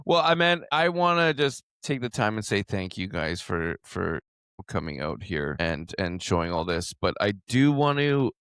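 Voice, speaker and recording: Lively-storytelling man with a dry mic sound. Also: lowish voice, normal speed, clean tone, no room sound. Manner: animated storyteller, says "man" and "like" often. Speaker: podcast host. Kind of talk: casual podcast conversation.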